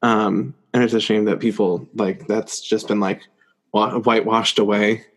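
A man co-hosting a podcast in relaxed, casual conversation. He rambles and leans on "like" over and over as he talks. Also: on the low side, a little slow. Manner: rambling, heavy on "like" fillers. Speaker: podcast co-host. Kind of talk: casual chat.

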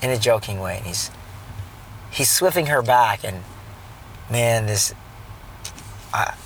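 A man talks as he drives, earnest and rambling, often circling back and restarting a thought. His voice sits at an ordinary middle pitch, and faint road noise hums underneath. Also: takes it slowly, rough recording. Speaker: father telling his day. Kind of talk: casual storytelling while driving. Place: in a car.

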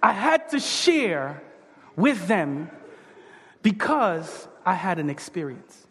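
A man's voice: sits high, slow. A pastor telling a story in his sermon, acting out the voices of the people in it. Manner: animated, acts out quoted voices. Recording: long hall reverb.

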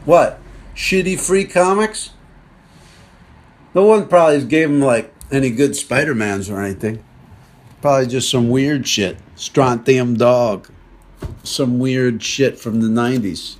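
An unhurried, medium-pitched man hosts a podcast, wandering through a casual comedic monologue. He rambles along with jokey, ranting asides.

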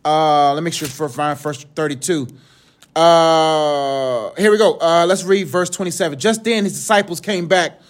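A young man preaches in a loose, conversational way, full of slang and jokes. His voice sits high for a man. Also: normal speed. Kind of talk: casual sermon.

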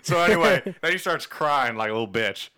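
A man retelling an episode in casual, profane chat, acting out the characters in quick voices. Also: a little high, lively intonation, crowd noise. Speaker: podcast co-host recapping an episode.

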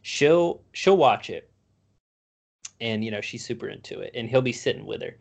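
A man co-hosting a casual podcast, swearing freely as he tells animated stories. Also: fairly low pitch, moderate pace, gravelly. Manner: profane, animated storytelling. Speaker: podcast co-host. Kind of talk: casual chat.

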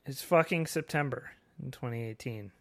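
A man's voice: medium pitch, normal speed, a bit bright. Guy hosting his podcast live, loose and jokey, cusses and laughs a lot. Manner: joking, profane, laughs often. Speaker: podcast host. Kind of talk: casual live-streamed podcast chat.

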